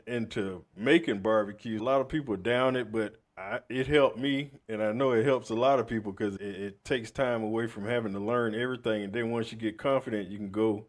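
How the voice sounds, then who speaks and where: Easygoing male podcast host. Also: lowish voice. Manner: easygoing, agreeable, backchannels a lot. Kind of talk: casual interview chat.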